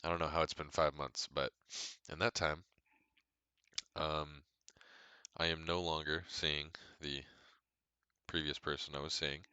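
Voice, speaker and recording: Very deep-voiced man rambling on a podcast. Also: little pitch movement, measured pace, pauses often, pushed and bright, clear, resonant tone, dry recording. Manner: rambling, candid, self-deprecating with frequent fillers. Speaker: podcast host. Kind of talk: casual solo podcast chat. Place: his apartment.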